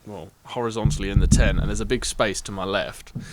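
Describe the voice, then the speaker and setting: A man telling a festival story on a podcast, animated and laughing, acting out what people said. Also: fairly low pitch, fast. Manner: animated, laughing retelling with acted-out quotes. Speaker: podcast guest. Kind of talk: casual storytelling.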